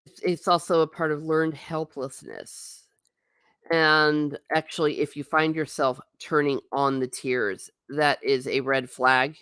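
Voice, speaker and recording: A woman's voice: sits low, fairly even intonation, takes it slowly, a bit bright, smooth, dry recording, studio quality. A young adult woman hosting a casual livestream, rambling and chatting as she reacts to her viewers' comments. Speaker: livestream host reading chat.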